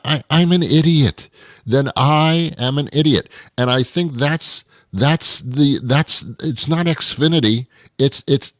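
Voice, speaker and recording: A man's voice: deep voice, a bit bright, dry recording, studio quality. A man hosting a show, delivering an exasperated comedic rant monologue full of stumbling restarts. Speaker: show host.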